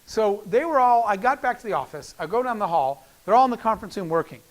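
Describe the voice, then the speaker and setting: A middle-aged man with a high-pitched voice is giving a keynote speech. He tells a personal story and acts out the quoted lines as he goes, and it clearly moves him. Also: quick pace. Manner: animated storyteller acting out quoted dialogue. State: emotional. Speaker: keynote speaker.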